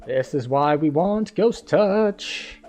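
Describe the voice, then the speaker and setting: A man's voice: fairly high pitch, lively intonation, slow pace, darkish tone, soft background music. A man streaming a game, casually thinking aloud as he plays. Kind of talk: casual gameplay commentary.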